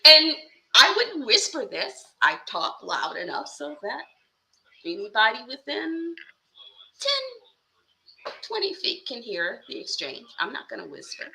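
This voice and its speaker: A woman telling a story in casual podcast chat, animated and sarcastic with mock-polite asides. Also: on the high side, measured pace, gravelly, long pauses, low-quality recording. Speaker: podcast co-host.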